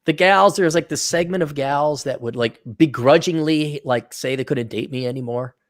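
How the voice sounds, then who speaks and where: A man's voice: on the high side, moderate pace. An American man hosting a casual stream chat, sarcastic and teasing, swearing freely as he banters with his guest. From United States. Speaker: livestream host reading donations.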